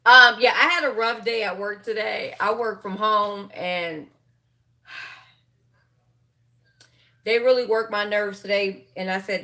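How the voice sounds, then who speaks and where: A woman's voice: medium pitch, takes it slowly, long pauses, pushed and bright. A woman hosting a sewing livestream from home, chatting casually with viewers and laughing often. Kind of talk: casual chat while sewing.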